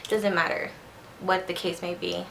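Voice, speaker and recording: A woman vlogger whose first language is Spanish talks to camera in a rambling, chatty way, slurring her words a little when she speaks fast. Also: fairly low pitch, little pitch movement, gravelly, a bit bright, a little hiss or hum. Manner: chatty, rambling, repeats herself. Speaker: beauty vlogger. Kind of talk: casual chat to camera.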